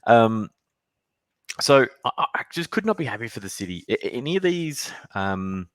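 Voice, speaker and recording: A man co-hosting a sports podcast, chatting casually in a halting way with many ums. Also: mid-range voice, very animated, dry recording. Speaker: podcast co-host.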